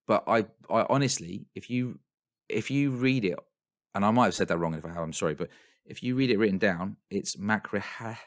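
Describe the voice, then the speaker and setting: A man with a very low voice chats casually as a podcast co-host. He rambles, restarts his sentences and laughs often. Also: a little fast. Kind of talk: casual chat.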